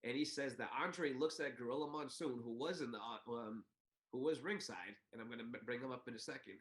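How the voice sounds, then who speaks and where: A male podcast co-host recounts a story in relaxed conversation. He performs the quoted bits with sudden pitch leaps. His voice sits at a medium pitch and rings in a reverberant room. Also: fairly quick. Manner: animated, acts out quotes with big pitch jumps. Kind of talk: casual storytelling chat. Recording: roomy echo.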